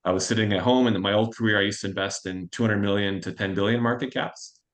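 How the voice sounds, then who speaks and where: Fast-talking low-voiced man. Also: steady tone, a bit bright. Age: 40s. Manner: fast, anecdotal and self-assured. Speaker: fund manager guest. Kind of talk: interview storytelling.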